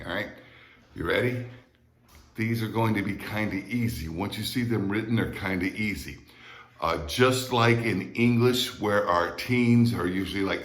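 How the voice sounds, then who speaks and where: A male Spanish teacher with an American accent, patiently repeating words and checking in with his students. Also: low voice. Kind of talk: recorded classroom lesson. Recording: echoey room.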